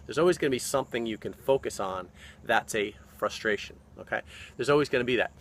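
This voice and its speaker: Fitness coach, male, bright and forceful, animated motivational delivery, mid pitch. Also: fast, a little hiss or hum. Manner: animated, often checks in with "okay?" and "right?". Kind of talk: motivational vlog talk.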